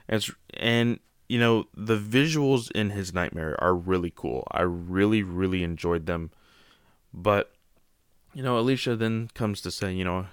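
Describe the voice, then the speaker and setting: Man, comic reviewer, very low and smooth voice, loose rambling delivery, dry close sound. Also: unhurried, no room sound. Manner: rambling, heavy on "you know" fillers. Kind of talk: casual spoken review.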